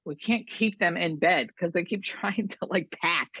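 A woman's voice: lowish voice, moderate pace, a bit bright, breathy edge, no room sound. A woman who is a hospice nurse, telling stories in a chatty interview, full of likes and you-knows and acting out quotes. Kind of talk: casual interview storytelling.

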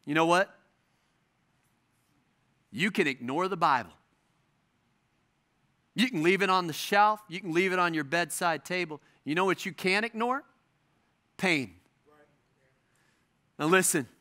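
Man, pastor, sermon, bright ringing voice, emphatic repetition, dramatic pauses. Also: sits high, expressive.

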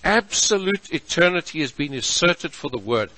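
A male pastor delivers a sermon with a high, bright voice that rises and falls expressively. He speaks slowly and with emphasis, drawing out the key words. The sound is close and dry. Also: very animated, no echo, low-quality recording. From South Africa.

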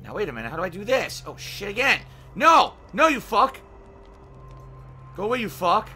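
Male streamer, high lively voice, very bright and sharp, yells and curses at the game, music behind. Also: fairly quick. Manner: loud, swearing, yelps and shouts, sing-song asides. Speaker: gaming streamer. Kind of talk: frustrated game commentary.

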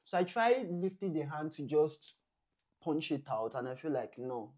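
A man's voice: fairly high pitch, moderate pace. A man, chatting casually on a couple's vlog and acting out what people said. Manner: animated, acts out quotes, Nigerian Pidgin touches. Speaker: vlog co-host. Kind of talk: casual storytelling chat.

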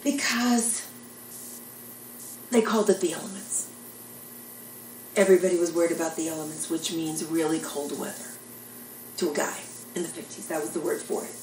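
A woman's voice: sits low, steady tone, moderate pace, long pauses, darkish tone, roomy sound, far from the mic, slight background noise, low-quality recording. An older woman telling jokes and rambling stories in a chatty, self-deprecating way. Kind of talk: casual storytelling monologue.

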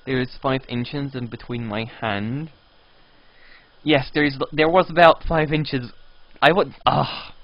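A young man live-streaming a game and chatting with viewers in a playful, teasing way, now and then breaking into high squealing pleas. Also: fairly even intonation, takes it slowly, no room sound. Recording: dull lo-fi stream audio.

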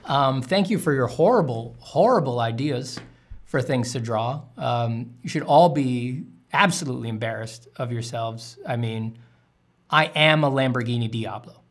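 A man's voice: mid-range voice, normal speed. A man, an artist streaming while drawing, answering chat questions in a candid, rambling way with casual swearing.

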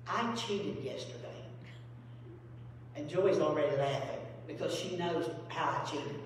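A woman's voice: expressive, unhurried. Lady pastor preaching homey stories, super echoey church, mic way off. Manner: storytelling, acts out phone calls and quotes in a high voice. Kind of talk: folksy sermon. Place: church sanctuary. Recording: very echoey hall from far off with faint hum.

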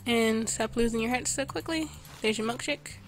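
Casting: higher-pitched woman, casual gameplay narration, game music underneath. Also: normal speed. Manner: chatty, reads out orders to customers while playing. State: losing her voice. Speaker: gameplay video host. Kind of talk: casual let's-play commentary.

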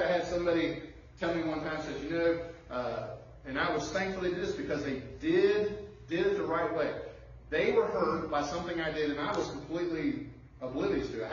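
Distant echoey pastor preaching, a man. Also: a little high. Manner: conversational preaching, acts out dialogue. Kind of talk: sermon. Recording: very echoey hall, distant, dull lo-fi.

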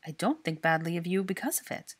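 A woman voicing a young woman who explains her views calmly and patiently. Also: lowish voice, fast, breathy edge. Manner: calm, explaining. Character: young woman, hurt but calm and thoughtful.

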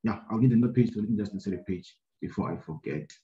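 A man teaching a maths lesson, talking his way through a graph problem out loud, with many fillers and a habit of checking "right?" after each step. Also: lowish voice, fast. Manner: thinking aloud, many fillers and repeated "right?". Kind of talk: screen-recorded maths lesson. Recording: roomy, dull lo-fi sound.

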